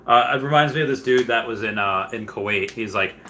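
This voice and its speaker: A man hosting a casual livestream who rambles on, reads viewer comments aloud and breaks into loud, excited bursts. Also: mid-range voice, fairly quick, a little hiss or hum. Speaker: livestream host.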